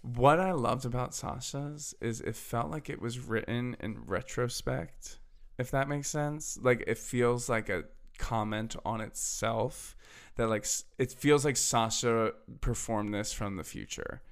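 A man's voice: medium pitch, unhurried. A man co-hosting a podcast, chatting casually, teasing his partner and laughing often. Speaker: podcast co-host. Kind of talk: casual chat.

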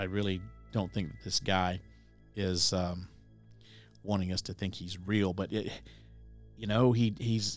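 A man hosting a show, casually commenting on a video in a hesitant way with many pauses. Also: on the low side. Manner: hesitant, full of fillers and restarts. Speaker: host reacting to a video.

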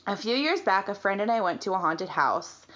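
A woman hosting a podcast in casual chat, reading out a listener's story, animated and swearing casually. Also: mid-range voice, moderate pace, muffled recording. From Britain. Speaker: podcast host.

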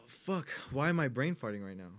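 A man chatting casually as a co-host, rambling and excitable, often trailing off while searching for words and swearing easily. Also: medium pitch, brisk. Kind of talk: casual chat.

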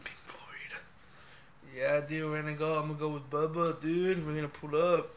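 A man co-hosting a podcast, talking in an animated, profane, slangy way. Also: fairly high pitch, fast, a little hiss or hum. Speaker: podcast co-host. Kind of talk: casual chat.

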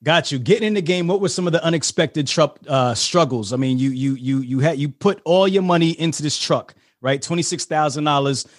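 A man's voice: fairly high pitch, a little fast, hardly any pauses, dry recording, studio quality. A man hosting a casual interview, asking rambling questions with restarts. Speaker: host.

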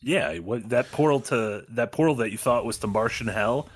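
A man co-hosting a podcast in casual chat, rambling and trailing off quietly. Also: medium pitch, moderate pace, husky. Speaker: podcast co-host.

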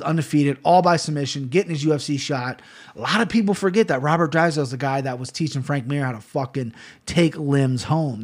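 Foul-mouthed man with a slightly high voice. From Ohio, USA. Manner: profane, rambling storyteller; fast, excitable tangents with self-corrections. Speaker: MMA fight picks host. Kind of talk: casual chat.

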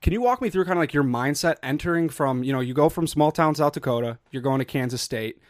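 A man's voice: a little high, animated, fast, no room sound, clean studio sound. A young man hosting a podcast, asking long, winding questions with fillers. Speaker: podcast host. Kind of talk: interview questions.

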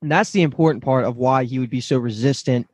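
A man's voice: mid-range voice, fast talker, darkish tone, slightly rough, no room sound. A man co-hosting a podcast, explaining story points in casual chat. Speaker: podcast co-host. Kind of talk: casual chat recapping a show.

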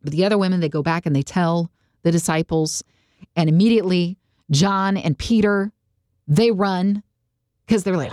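A woman's voice: fairly low pitch, normal speed, pauses often, a little mellow, no echo, clean studio sound. A woman in casual conversation, retelling a story with animation and acting out the quotes. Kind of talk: casual faith discussion.

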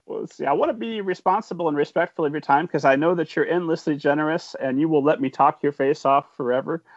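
Excited guy host, kinda high voice, dry dull audio. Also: fast talker, no echo. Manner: enthusiastic, chatty. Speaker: podcast host. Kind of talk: casual interview chat.

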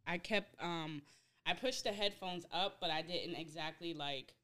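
A young woman telling a story in casual chat, animated and profane, acting out her own reactions. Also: on the low side, a little slow. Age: young adult. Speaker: podcast host.

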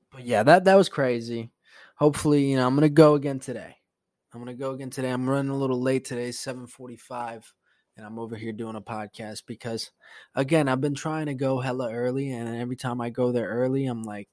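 A man hosting a casual solo podcast, telling a story in profane, animated bursts that climb into a rant. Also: medium pitch, dry recording, clean studio sound. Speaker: podcast host.

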